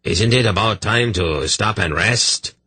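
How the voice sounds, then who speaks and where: A man's voice: low-pitched, moderate pace, sharp tone, husky, no echo, heavily acted. A man voicing a surly common soldier who complains in a whining, sullen way.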